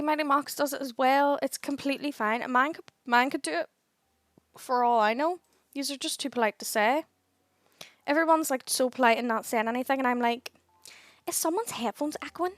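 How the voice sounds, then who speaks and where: High-voiced tired woman streamer chatting. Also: no room sound. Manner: chatty, reads and answers viewer chat, sighs and laughs at herself. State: tired, yawning. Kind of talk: casual live-stream chat. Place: at home. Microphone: headset. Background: faint game music.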